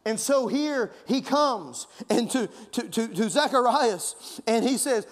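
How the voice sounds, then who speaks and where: A man's voice: extremely high pitch, expressive, takes it slowly, hardly any pauses. A man preaching a sermon as pastor, fervent and conversational, pushing his emphasis upward. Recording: long reverb of a large hall.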